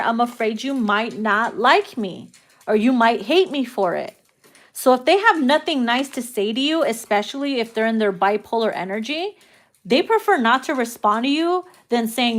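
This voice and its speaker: A woman's voice: on the high side, expressive, moderate pace. A woman doing a casual tarot reading, brash and profane, laughing often as she talks. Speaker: tarot reader.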